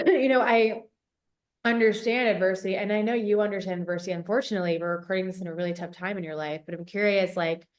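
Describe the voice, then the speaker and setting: A woman's voice: medium pitch, fairly even intonation, fast. A woman hosting a podcast, asking reflective, empathetic interview questions. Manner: reflective, empathetic, uses fillers like "like". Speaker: podcast host.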